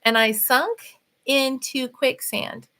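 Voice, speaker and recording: A middle-aged woman hosting a casual spiritual talk, talking fast and animated, laughing often. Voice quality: voice runs high. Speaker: author and podcast host.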